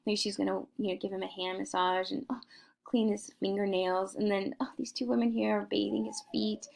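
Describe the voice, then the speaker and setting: A woman's voice: medium pitch, little pitch movement, a little fast, vocal fry, a little mellow. A woman teaching an art history lecture in a playful, theatrical way, slipping into mock-aristocratic asides.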